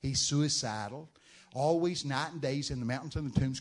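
A man preaching a sermon, telling Bible stories with dramatic shouted outbursts. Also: mid-range voice, normal speed, slightly rough. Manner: dramatic storytelling, bursts into loud shouted quotes.

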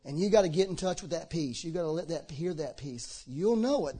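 High-voiced man preaching with fervor. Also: lively intonation, fairly quick, breathy edge. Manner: impassioned, swinging between shouting and low earnest talk. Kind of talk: sermon. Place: church hall with a congregation.

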